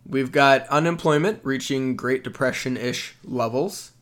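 A man's voice: medium pitch, measured pace, fairly bright tone. A young man hosting a casual sports podcast, upbeat and joking, slipping into ad reads. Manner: upbeat, reads ad copy, jokes around. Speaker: podcast host.

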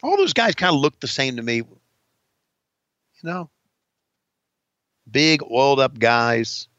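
A man's voice: mid-range voice, sing-song, takes it slowly, a bit bright, no echo, lo-fi sound. A man cohosting a podcast, chatting casually, swearing a lot and laughing easily. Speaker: podcast co-host. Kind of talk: casual profane chat.

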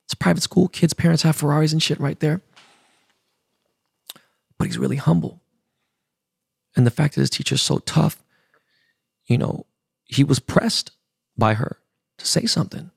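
A middle-aged man with a deeply gravelly, fry-heavy voice talks straight into the mic in a dry, close sound. He tells a personal story candidly, with emotion and casual swearing, in a loose podcast monologue. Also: normal speed, long pauses, no echo. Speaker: podcast host.

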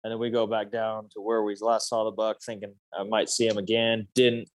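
Rambling man in his thirties, low voice. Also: flat delivery, a little fast, no echo. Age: 30s. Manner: rambling, many fillers and restarts. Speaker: hunter telling a story. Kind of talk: casual storytelling chat.

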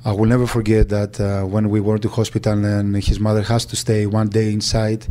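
Man, halting speech with restarts, lowish pitch, dark mellow tone, faint background ambience. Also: level tone, a little hiss or hum. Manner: halting, with frequent restarts and fillers. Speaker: agent. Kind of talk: recounting memories in an interview.

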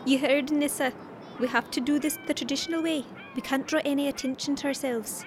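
A woman with an Irish accent, brisk and bossy in an audio drama. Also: high voice, fairly even intonation, noisy background, close to an everyday voice. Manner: brisk, bossy, keeps a partner on task.

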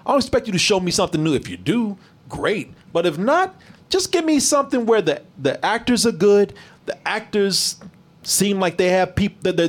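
A man hosting a casual movie review stream, animated, profane and mocking. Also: sits high.

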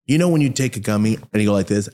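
Laid-back rambling man, low voice. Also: animated, very fast, warm tone. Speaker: podcast guest, product maker. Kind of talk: casual chat.

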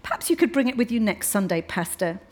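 A woman playing sharp-witted defiant young wife. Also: fairly high pitch, big pitch swings, pitched above the performer's own voice. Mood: arch. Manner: brisk, arch and pointed. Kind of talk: audiobook reading.

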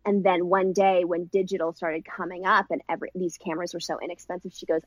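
A woman filmmaker and actress speaking in a casual interview, rambling and warm with many restarts. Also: lowish voice, little pitch movement, fast talker, few pauses, no room sound, muffled recording. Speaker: film director and actress.

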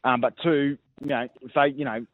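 A man's voice: medium pitch, steady tone, moderate pace, no echo. A man with an Australian accent telling footy stories in a blokey, laughing way, calling everyone mate. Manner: blokey, laughing storyteller, says mate a lot. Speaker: former player guest. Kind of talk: casual radio chat. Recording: tinny phone line.

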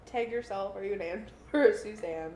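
A woman's voice: mid-range voice, fast talker, dark tone, echoey room, a little hiss or hum, poor audio. A young woman co-hosting a podcast, chatting casually and reading out trivia with frequent giggles. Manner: giggly, reads trivia aloud. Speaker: podcast co-host. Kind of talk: casual chat about a movie.

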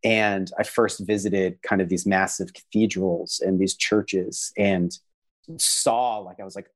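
A man's voice: low-pitched, steady tone, unhurried. Earnest, reflective man in conversation. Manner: earnest, reflective, many fillers and restarts. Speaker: visual artist guest. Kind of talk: conversational interview answers.

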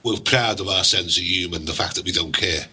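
Chatty Scouse man with a husky voice. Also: low-pitched, quick pace, pushed and bright, low-quality recording. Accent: Liverpool (Scouse). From Liverpool, England. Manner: chatty storyteller, proud and wry. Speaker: guest. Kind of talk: casual radio chat.

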